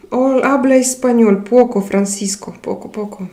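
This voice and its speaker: Young woman, live-stream host, unhurried delivery, reads out chat comments and replies. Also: mid-range voice, fairly even intonation, darkish tone. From Russia. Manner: reads viewer comments aloud and answers them.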